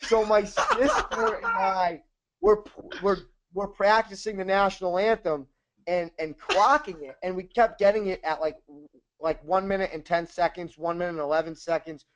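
A man's voice: sits high, lively intonation, normal speed, fairly bright tone. A man co-hosting a podcast in casual chat, telling rambling, profane stories. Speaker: podcast co-host.

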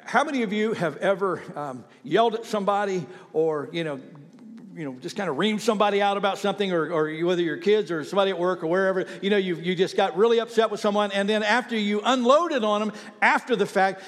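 A man preaching a sermon as pastor, earnest and emphatic, repeating key phrases and giving asides to the slide operator in a church. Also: sits high. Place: church auditorium. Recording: long hall reverb.

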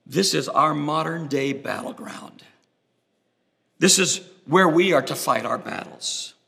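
A man's voice: on the high side, expressive, takes it slowly, vocal fry, sharp tone. A man preaching a sermon with dramatic delivery, acting out the voices he quotes. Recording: long reverb of a large hall.

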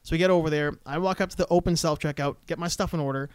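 A man talks fast and high, spinning a profane, animated story in casual chat. His voice sits close and dry on the mic, with no room sound around it. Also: clear, resonant tone, no echo.

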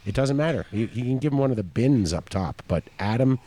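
A man's voice: mid-range voice, lively intonation, fairly quick, warm tone. A man co-hosting a casual talk show, dry and joking as he plans trips aloud. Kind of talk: casual chat.

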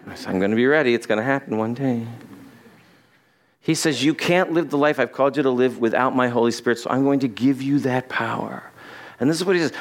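A man's voice: mid-range voice, fairly quick. A man preaching a sermon in a church on a body-worn microphone, acting out the lines of the people in the story. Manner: animated, acts out Bible characters' lines. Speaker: pastor. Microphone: body-worn mic with cable.

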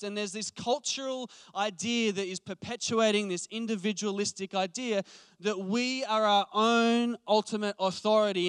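A man in his late twenties preaches in a relaxed, conversational way, passionate and full of restarts as he thinks aloud. His voice sits fairly high and sounds smooth and resonant. The sound is dry and close. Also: no echo. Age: late 20s. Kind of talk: conversational sermon.

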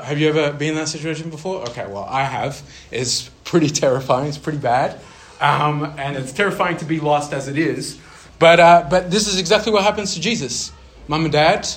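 A man preaching a sermon in a chatty, animated way, often throwing questions at his listeners. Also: mid-range voice, moderate pace, a little hiss or hum.

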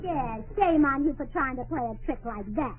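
A woman's voice: high-pitched, moderate pace, slight background noise, close to an everyday voice. A woman playing a scatterbrained, cheerful wife, bubbly and illogical, in 1940s radio sitcom acting. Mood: teasing. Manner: bubbly, illogical, sing-song. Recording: tinny old radio broadcast.

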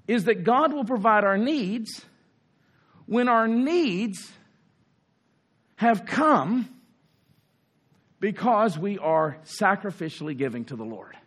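A man preaching a sermon in an earnest way, rising for emphasis and slowing down on key phrases. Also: high voice, fairly bright tone. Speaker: pastor.

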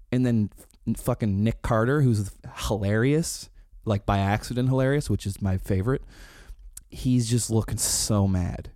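A man in his thirties chatting casually, telling animated stories full of swearing, laughs and quoted impressions. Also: mid-range voice, normal speed, no echo, clean studio sound. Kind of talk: casual chat.

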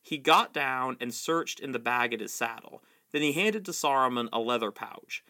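Man reading a novel aloud, bright voice. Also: medium pitch, moderate pace. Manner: steady storytelling with small slips. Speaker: reader.

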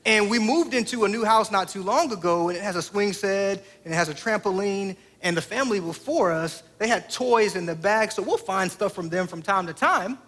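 A man's voice: sits high, normal speed, hardly any pauses, fairly bright tone. A man in his thirties, a pastor preaching a sermon through a family story, talking conversationally and putting direct questions to the congregation.

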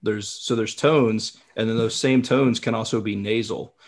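A man's voice: lowish voice, steady tone, a little slow. A man chatting casually as a guest, rambling and explaining with many restarts. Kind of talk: casual chat.

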